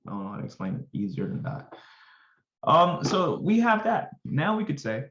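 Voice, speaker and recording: A man's voice: on the high side, sing-song, normal speed, a bit bright, roomy sound, dull audio. A man tutoring finance in a casual, upbeat way, chatting to viewers with jokey asides. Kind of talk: casual screen-recorded lesson.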